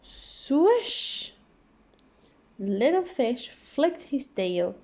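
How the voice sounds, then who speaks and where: Slowly and in a voice on the high side, a woman who teaches primary school brings a children's book to life with expressive reading and fun sound effects, heard through dull, lo-fi audio.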